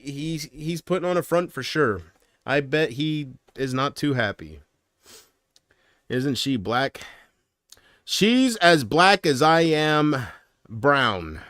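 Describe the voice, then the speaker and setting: A man's voice: medium pitch, fairly bright tone, no room sound, clean studio sound. A man hosting his own livestream, rambling casually and joking, often laughing at his own jokes. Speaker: livestream host.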